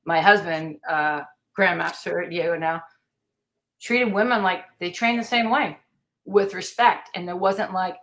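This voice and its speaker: A woman's voice: on the low side, measured pace. Middle-aged american woman, martial arts master, tells stories with lots of punch on a podcast. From United States. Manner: lively storyteller, acts out quoted lines. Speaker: guest, taekwondo master. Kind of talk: storytelling in a podcast interview.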